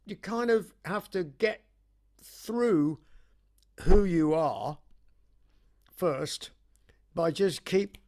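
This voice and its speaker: An Englishman with a fairly high voice chats through his anecdotes with dry humor. He stumbles and restarts often as he tells them, then carries on. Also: lively intonation, darkish tone. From England. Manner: halting, full of restarts, wry storytelling. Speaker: rock singer interviewee. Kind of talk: casual anecdotal chat.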